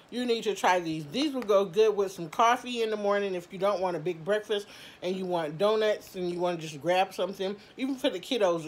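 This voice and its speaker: Woman, casual snack review vlog, chatty, candid, mild cursing, medium pitch. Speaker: food review vlogger.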